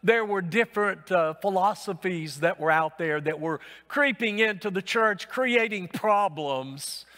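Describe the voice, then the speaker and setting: High-voiced, slow-speaking pastor. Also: male voice, sharp tone. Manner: unhurried, with frequent "uh" pauses. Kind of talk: sermon. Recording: long reverb of a church hall.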